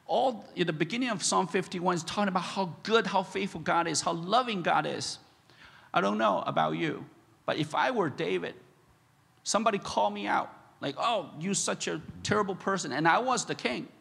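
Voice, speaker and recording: Gravelly, husky man preaching in a hall. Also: moderate pace. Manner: repeats phrases, grows loud and high when impassioned. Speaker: pastor. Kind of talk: sermon. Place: church sanctuary. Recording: echoey church hall.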